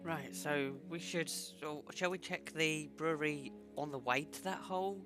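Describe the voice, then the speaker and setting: Male player, casual, thinking aloud, music clearly behind. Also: on the high side, measured pace. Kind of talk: tabletop game play.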